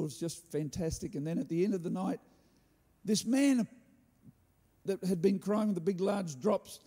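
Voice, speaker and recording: High-voiced preacher man in a reverberant hall. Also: creaky, slightly rough. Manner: animated, humorous asides. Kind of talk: sermon with storytelling.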